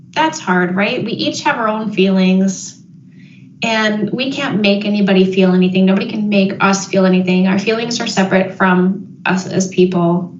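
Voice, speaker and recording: A woman giving a parenting webinar, thoughtful and reflective, pausing with frequent ums and restarts. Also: mid-range voice, a little hiss or hum. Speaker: parenting educator. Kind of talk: webinar presentation. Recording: roomy, slightly dull audio.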